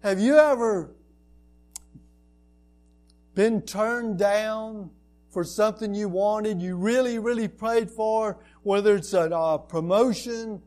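A man's voice: high voice, slow, darkish tone. A man preaching a sermon as a pastor, speaking earnestly and building to emphatic, repeated lines.

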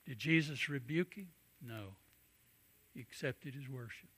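A middle-aged man preaching a sermon, telling stories and swinging from hushed asides to booming emphasis. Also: measured pace, husky.

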